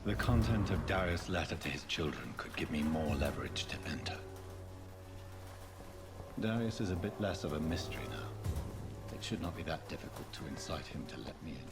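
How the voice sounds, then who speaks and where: An actor playing a polite, composed male doctor in a video game, speaking in a measured, formal manner. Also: a bass voice, lively intonation. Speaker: player character. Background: game music.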